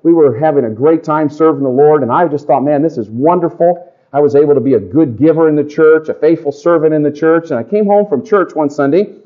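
A middle-aged man preaching a testimony sermon to a congregation, folksy and animated in his storytelling. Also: a little high, fast, hardly any pauses. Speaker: pastor. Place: church or camp meeting. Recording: dull lo-fi live recording.

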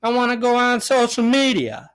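A young man hosting a casual solo podcast, ranting in a profane, rambling way with big swings in pitch and loudness. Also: big pitch swings, normal speed, clean tone. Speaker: podcast host.

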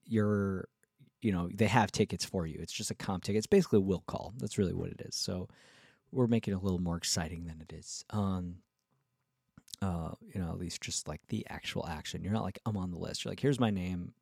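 A male musician vlogger telling a casual story in a rambling, excitable way, full of fillers and restarts. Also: sits low, brisk, gravelly, husky, no room sound, studio quality.

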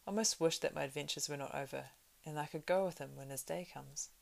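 Impatient old hobbit, woman reading; low, gravelly, brisk. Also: darkish tone. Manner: brisk, reciting verse.

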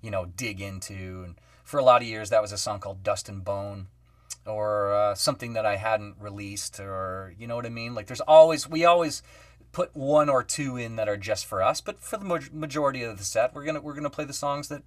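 Animated man telling stories. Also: on the low side, brisk, no echo, clean studio sound, recorded from a distance. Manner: animated storyteller, acts out quoted voices, many fillers. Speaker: guest musician. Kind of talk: casual podcast storytelling.

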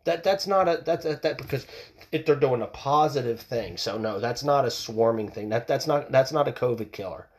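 In a casual rant recorded at home, a podcast host speaks at a moderate pace in a mid-range voice. He's blunt, fired-up, swears plenty, and keeps restarting, while his mic catches sounds from outside.

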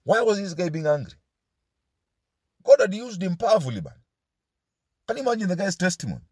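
A man's voice: high-pitched, big pitch swings, fairly quick, a little mellow, slightly rough, dry recording. A male pastor delivers a sermon, his voice rising and falling with real animation. He drives his points home with rhetorical questions and slips into Swahili asides. The recording is dry, with no room sound around him.

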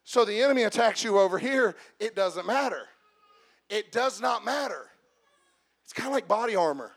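A high-pitched man delivers a sermon straight to his congregation. He swings from slow, shouted emphasis to quiet, joking asides. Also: expressive, creaky. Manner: addresses the congregation directly with humor. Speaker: preacher.

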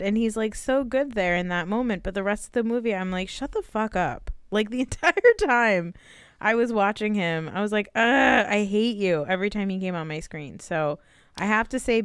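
A woman co-hosting a casual movie review chat, blunt and animated, swearing and laughing often. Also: fairly low pitch, smooth, dry recording, studio quality. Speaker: podcast co-host.

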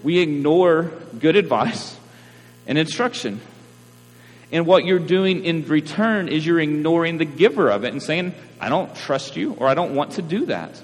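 Pastor preaching in a reverberant hall. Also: male voice, on the high side, lively intonation, moderate pace. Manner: conversational preaching with frequent "right?" asides. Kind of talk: sermon. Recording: reverberant hall, mains hum.

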